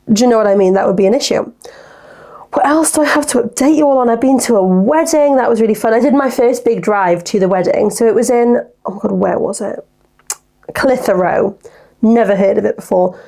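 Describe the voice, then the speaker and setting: Chatty young woman with gravelly fry. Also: on the high side, a little mellow. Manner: chatty, rambling storyteller, acts out conversations. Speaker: podcast host. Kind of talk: casual solo podcast chat.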